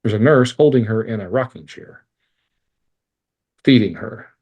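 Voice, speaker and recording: Lowish and measured, with a darkish, breathy tone on dull audio, this man tells a painful personal story as a podcast guest. He curses freely, speaks with candid emotion, and laughs wryly through difficult memories.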